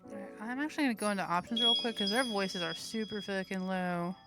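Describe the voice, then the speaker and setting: A woman's voice: medium pitch, fast talker, loud music behind the voice. A woman hosting a let's play, reading the game's narration aloud with playful, crude asides. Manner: playful, giggly, crude jokes between narration. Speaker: host.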